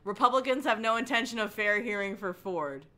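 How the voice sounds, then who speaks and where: A young woman hosting a casual livestream from her couch at home, rambling and halting as she chats and answers her viewers. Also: mid-range voice, bright, forceful tone. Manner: rambling, halting, with frequent ums and likes. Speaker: livestream host. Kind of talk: casual chat reading chat messages. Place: home living room, on a couch.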